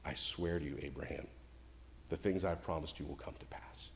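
A preacher voicing God as a calm, all-powerful male deity who speaks slowly and gently. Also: extremely low pitch, vocal fry, slight background noise, pitched below the performer's own voice. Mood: tender, reassuring. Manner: slow, hushed and reassuring. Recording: long reverb from a hall.

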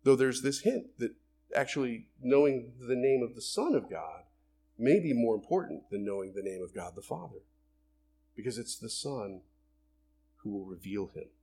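A man delivers a sermon, working through scripture line by line. His voice has a husky edge, and his pitch swings widely, leaping up whenever he plays out a quoted voice. He sits at a middling pitch for a man. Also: normal speed. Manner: animated, acts out voices of people and God in quotes. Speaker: preacher.

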